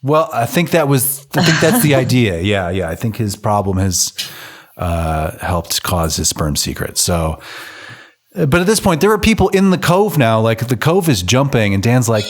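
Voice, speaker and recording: A man's voice: medium pitch, lively intonation, moderate pace. A man casually recapping an old film on a podcast, joking, swearing and acting out the characters' lines. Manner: loose, profane, acts out characters' lines in quotes. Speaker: podcast co-host.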